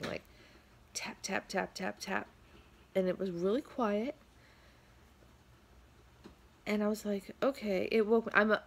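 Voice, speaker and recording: A tired middle-aged woman vlogging from home, telling a rambling story with lots of fillers. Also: on the low side. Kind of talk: casual storytelling vlog.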